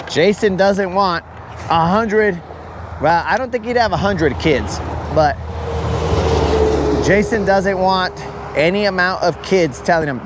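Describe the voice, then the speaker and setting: A man's voice: high-pitched, extremely slow, long pauses, background noise. A man chatting casually on a live fishing stream, rambling and joking as he acts out imagined callers. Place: outdoors on a lake.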